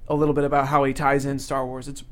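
A man's voice: medium pitch, monotone, quick pace, a bit bright. A young man co-hosting a podcast, chatting casually with many fillers and restarts. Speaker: podcast co-host. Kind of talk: casual chat.

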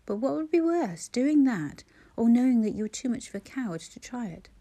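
A man's voice: very high voice, very animated, fairly quick, dark tone, pitched above the performer's own voice, exaggerated voice. A woman reading aloud voices a blunt grown man who teases a friend with emphatic banter. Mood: teasing.

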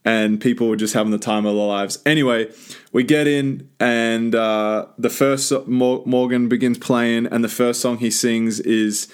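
A man's voice: medium pitch, little pitch movement, moderate pace, clear, resonant tone. A young man with an Australian accent, telling a rambling, enthusiastic story as a podcast host with lots of restarts. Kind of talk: casual storytelling monologue.

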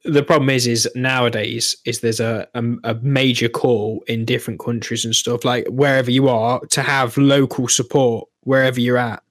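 Animated co-host who rambles, heavy on filler words, recorded dry. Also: male voice, medium pitch, normal speed, hardly any pauses, no echo. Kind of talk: casual chat.

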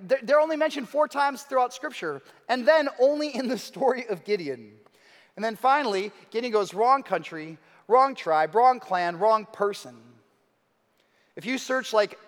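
A man preaching a sermon, telling the story casually and acting out the quotes. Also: very high voice. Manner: conversational, animated storytelling with acted-out quotes. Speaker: pastor. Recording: long reverb of a large hall.

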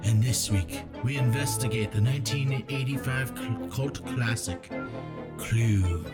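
A stiff, formal butler welcoming guests to the show, put on by a man in a clumsy posh accent. The delivery is slow and grand, with words drawn out for effect. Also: medium pitch, loud music behind the voice, natural voice. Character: stuffy male butler hosting a mystery show. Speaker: podcast host.

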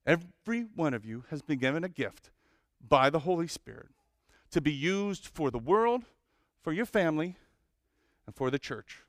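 A male pastor preaching a sermon, listing names of God with lively emphasis and humorous asides. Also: on the high side, normal speed, long pauses, no echo, clean studio sound.

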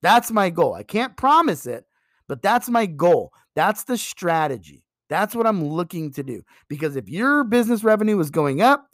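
Guy running a sales training, punchy emphatic delivery, very lively pitch, dry mic. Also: no room sound. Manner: emphatic, animated, role-plays pitches to customers.

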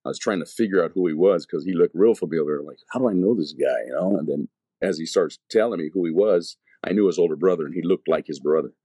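A man's voice: sits low, fast talker, mellow, husky, no room sound, clean studio sound. A middle-aged man telling his life story as an evangelist, rambling casually and acting out old conversations. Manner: storytelling, acting out past dialogue; loose, rambling, full of "you know". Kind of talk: casual spoken testimony.

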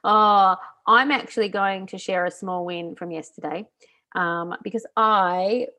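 A woman's voice: mid-range voice, fairly even intonation, measured pace, bright, forceful tone. A woman co-hosting a podcast in casual chat, heartfelt and reflective, often laughing. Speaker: podcast co-host.

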